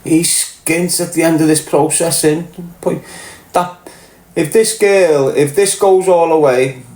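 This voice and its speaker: A man's voice: a little high, fairly even intonation, unhurried, a little mellow. Blunt, sweary Liverpool man ranting. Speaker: livestream host reading chat. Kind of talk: casual livestream rant. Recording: roomy echo.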